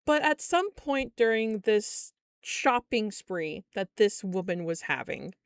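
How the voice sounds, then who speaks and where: Young woman streamer, lively swooping voice, unhurried storytelling, dry close sound. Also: medium pitch, clear, resonant tone, no echo. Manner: animated, exasperated, laughs often. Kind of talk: casual storytelling chat.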